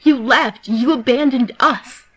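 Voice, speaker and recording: A woman's voice: high-pitched, lively intonation, moderate pace, a bit bright, voice pushed up. A woman voicing a frightened, defiant young woman, her voice raised and desperate. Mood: shouting.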